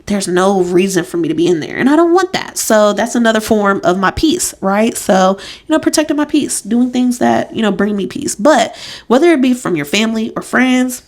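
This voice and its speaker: A woman's voice: medium pitch, expressive, normal speed. Chatty woman podcasting from home. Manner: chatty, emphatic, laughs at herself. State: pregnant. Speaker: podcast host. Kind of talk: casual solo podcast monologue. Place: home room.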